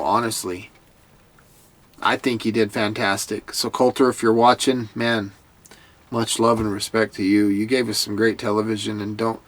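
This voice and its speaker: A man's voice: fairly low pitch, fairly bright tone. A man giving a casual recap of a TV episode, in an earnest, heartfelt way that sometimes stumbles over repeated words. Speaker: TV show commentator.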